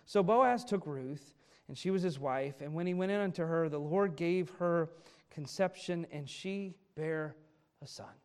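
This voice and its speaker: Higher-voiced man preaching a lively sermon. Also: measured pace, clean tone. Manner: animated preaching, acting out quoted speech. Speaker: pastor.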